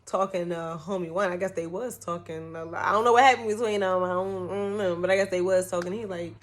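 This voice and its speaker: A young woman telling a storytime vlog in a casual, animated way, cussing a lot and acting out what people said. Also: on the low side, fast talker. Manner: animated, profane, acts out quotes.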